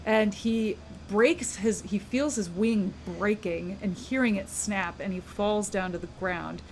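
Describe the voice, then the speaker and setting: A woman's voice: mid-range voice, a little slow, a little hiss or hum. A woman co-hosting a podcast, casually retelling a book's plot and acting out the characters' lines. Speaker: podcast co-host. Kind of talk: casual book discussion.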